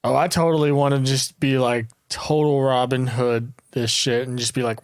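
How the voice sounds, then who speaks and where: A man's voice: mid-range voice, steady tone, moderate pace, smooth, no room sound, studio quality. A man playing a tabletop game, casual and crude, cracking jokes. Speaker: player.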